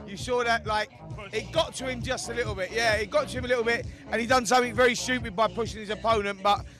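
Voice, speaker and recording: A man's voice: very high voice, fairly even intonation, fast talker, music in the background. A man giving casual boxing commentary in a studio, chatty and rambling with plenty of fillers. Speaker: boxing pundit.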